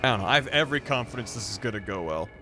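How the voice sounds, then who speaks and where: Speaking rapid-fire at medium pitch, an animated man streams a video game. He chats with viewers over the game's music in a goofy manner, with plenty of swearing and groans.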